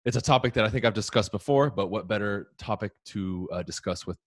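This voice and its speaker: A man's voice: fairly low pitch, brisk, no room sound, studio quality. A man hosting a live talk show, chatting casually and upbeat with his guest and audience. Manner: upbeat, slangy, talks to the audience directly. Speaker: podcast host.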